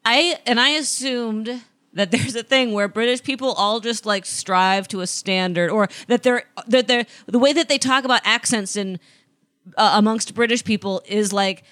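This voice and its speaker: A woman's voice: on the high side, moderate pace, a bit bright, no room sound. A woman co-hosting a podcast in casual chat, thoughtful and picking her words as she goes. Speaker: podcast co-host.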